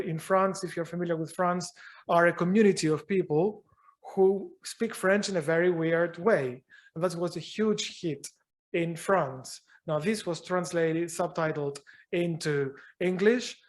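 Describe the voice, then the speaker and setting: Man answering questions in a lecture. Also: on the high side. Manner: thoughtful, searching for words. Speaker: guest lecturer. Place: university lecture room.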